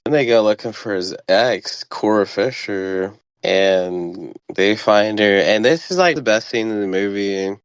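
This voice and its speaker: A man's voice: on the low side, clear, resonant tone, no echo. A young man hosting a podcast, chatting casually and mocking a film in blunt, profane terms. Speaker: podcast host reviewing a film. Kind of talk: casual chat.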